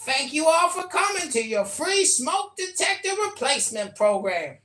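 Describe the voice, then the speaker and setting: A woman hosting a live comedy stream, reading mock sponsor announcements in a sarcastic, deadpan way. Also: high-pitched, moderate pace, faint music behind. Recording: roomy live-stream audio.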